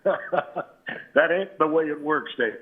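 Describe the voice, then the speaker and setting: Man in his seventies, veteran radio announcer, relaxed and rambling, telling stories, tinny phone-line sound. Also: a little high, measured pace. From New Britain, Connecticut. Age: 70s. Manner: relaxed and anecdotal, with frequent "uh" and "you know". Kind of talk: reminiscing storytelling.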